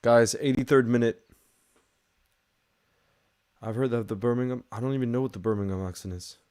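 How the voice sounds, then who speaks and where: A man's voice: mid-range voice, fairly even intonation, moderate pace, a little mellow. A man with a Northern Irish accent chatting casually through a live match watchalong, greeting viewers and answering their questions.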